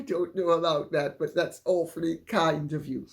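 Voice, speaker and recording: A woman with an upper-class Jamaican accent, hosting her own channel and answering viewer questions in a measured, deliberate way. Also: sits low, steady tone, gravelly. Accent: Jamaican, Upper Saint Andrew. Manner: deliberate, measured, drawn-out phrasing with frequent laughs. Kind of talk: casual solo talk to camera.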